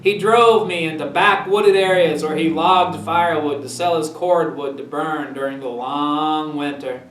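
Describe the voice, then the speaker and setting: A man's voice: fairly high pitch, steady tone, measured pace, fairly bright tone, roomy sound, far from the mic, a little hiss or hum, low-quality recording. A man with a Maine accent reading his humor book aloud in an easygoing, folksy way. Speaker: storyteller.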